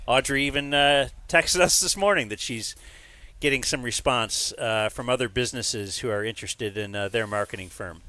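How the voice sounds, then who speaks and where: A man co-hosting a sports talk show, running through sponsor plugs with upbeat pitchman energy. His voice is bright and forceful, and it sounds dry and close to the mic. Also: normal speed, dry recording. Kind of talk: casual banter and live sponsor reads.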